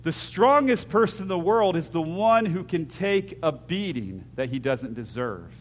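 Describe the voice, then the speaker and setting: A man preaching a sermon as pastor, moving between hushed, intimate lines and loud acted-out scenes, with jokey asides. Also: fairly high pitch, lively intonation, unhurried.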